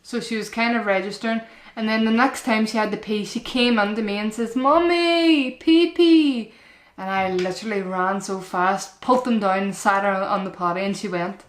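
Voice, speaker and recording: Chatty mum in an echoey room. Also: female voice, medium pitch, steady tone, fairly quick, a bit bright. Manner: chatty and earnest, addresses viewers as "guys", repeats herself. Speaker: mum vlogger giving parenting advice. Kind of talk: casual advice vlog to camera. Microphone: camera-mounted shotgun mic.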